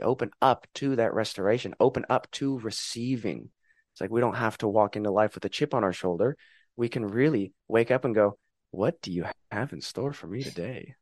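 Calm, earnest man with a low voice. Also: moderate pace, no echo, studio quality. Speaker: podcast guest. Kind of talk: reflective conversation.

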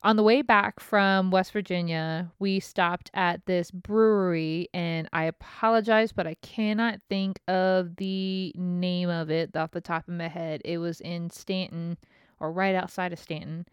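Foul-mouthed woman telling a story, crisp voice. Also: lowish voice, fairly even intonation, a little slow, dry recording, lo-fi sound. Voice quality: profane, laughing storyteller. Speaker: podcast host. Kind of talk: casual chat.

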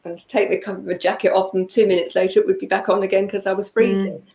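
A woman's voice: mid-range voice, level tone, fast, gravelly, a little mellow. Thoughtful woman in an echoey room. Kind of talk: casual conversation. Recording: roomy echo.

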